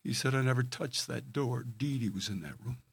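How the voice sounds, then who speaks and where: An older man preaching a sermon, telling stories with earnest feeling and dropping from loud emphasis to hushed tones. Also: mid-range voice, normal speed, gravelly, husky, dry recording.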